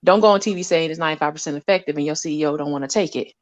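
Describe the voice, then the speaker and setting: A woman with a lower-than-usual voice talks casually about lab work and the people around her. She tells stories with energy, acting out what others said. The recording is close and dry. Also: racing, dry recording, dull audio. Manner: animated storyteller, acts out quotes, laughs often. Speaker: lab scientist guest. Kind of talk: casual conversation.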